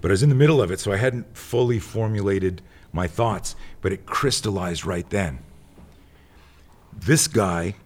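Deep-voiced man telling rambling stories. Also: moderate pace. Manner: rambling, goes off on tangents; acts out the people in his stories. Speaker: tactical instructor. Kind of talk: casual storytelling.

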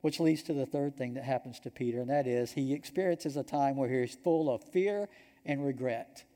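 A pastor from Georgia, speaking with a Southern US accent, preaches in a church sanctuary in a warm, mellow, medium-pitched voice at normal speed. He tells the story earnestly, dropping to a soft hush on key points, while a long hall reverb lingers on every phrase.

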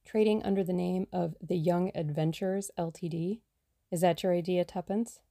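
A woman's voice: on the low side, steady tone, moderate pace, creaky, warm tone, dry recording. A woman voicing a cheerful, dry-witted young man who teases his friend.

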